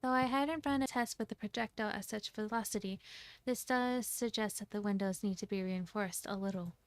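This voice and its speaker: A woman's voice: mid-range voice, brisk, no echo, lightly acted. A woman voicing a detached, analytical young woman who speaks precisely. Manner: precise, clinical.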